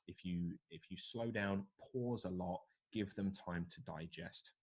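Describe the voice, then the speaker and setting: A man's voice: sits low, measured pace. A man teaching presentation skills to a live online workshop from a video call, reading out and answering what participants suggest. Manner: coaching, reads out participant answers.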